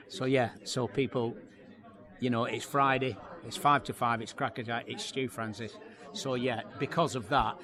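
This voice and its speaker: A man, a comedian telling stories in an interview, acting out voices and laughing often. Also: medium pitch. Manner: lively storyteller, acts out voices, laughs often. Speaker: comedian guest. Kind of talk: anecdotal interview chat. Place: outdoor launch event. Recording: busy crowd behind. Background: crowd chatter.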